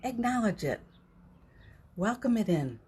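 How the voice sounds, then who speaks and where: Soft husky woman hosting a spiritual talk. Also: a little high, sing-song, measured pace. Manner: gentle, candid, reads viewer comments aloud. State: teary, emotional. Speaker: host of a spiritual morning show. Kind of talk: live-streamed spiritual talk.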